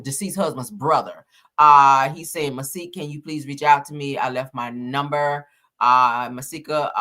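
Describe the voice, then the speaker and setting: A woman commentating on celebrity gossip, reading out text messages haltingly with many fillers and casual slang asides. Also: a bass voice, fairly bright tone.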